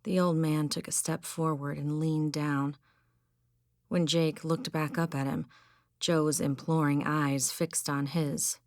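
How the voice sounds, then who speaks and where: A woman reads an audiobook aloud in a measured, even storytelling manner. Her voice sits low with a gravelly edge, recorded close and dry. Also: no echo. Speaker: audiobook narrator. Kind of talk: scripted narration. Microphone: close studio mic.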